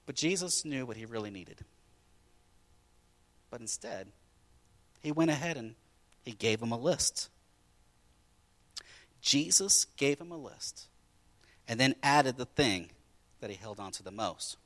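A man preaching a sermon as a pastor, telling stories in a lively way that swings between loud and quiet. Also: medium pitch, unhurried, pauses often.

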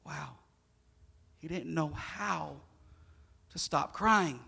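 A middle-aged man preaching a sermon, his delivery animated as it swings between loud bursts and hushed moments. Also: on the high side, extremely slow, creaky, slightly rough. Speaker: pastor.

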